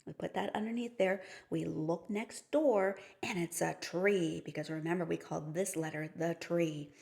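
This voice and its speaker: Gravelly-voiced woman teaching phonics. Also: fairly low pitch, steady tone, moderate pace, darkish tone. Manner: patient, explaining step by step with playful story cues. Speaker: reading teacher. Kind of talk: phonics lesson for teachers and parents.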